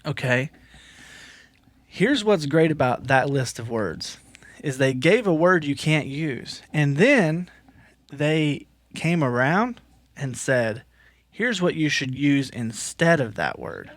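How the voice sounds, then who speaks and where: Brief: male podcast co-host, a bit high-pitched, emphatic and teasing in casual chat. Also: expressive, takes it slowly, dry recording.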